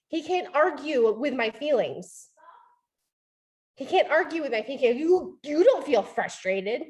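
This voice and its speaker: A woman in her thirties giving a motivational training talk, animated, acting out quoted voices and often asking "right?". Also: sits high.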